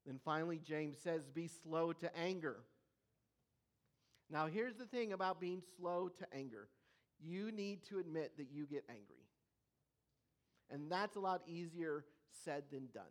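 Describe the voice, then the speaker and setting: An earnest preacher delivering a sermon, leaning hard on key words. The pace slows and stretches for emphasis, and the voice sits at a middle pitch. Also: animated. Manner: earnest, emphatic, with slow weighty pauses.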